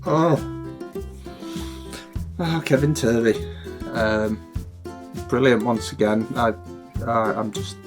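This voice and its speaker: A man's voice: medium pitch, slow, pauses often. A man hosting a reaction video, gushing with enthusiastic praise and stumbling a little over his words. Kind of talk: casual reaction commentary. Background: guitar music.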